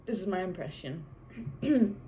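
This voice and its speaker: A woman's voice: medium pitch, animated, moderate pace, dark tone, slight background noise, rough recording. A young adult woman vlogger talking casually to camera, rambling and chatty with frequent restarts. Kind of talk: casual unscripted talk to camera.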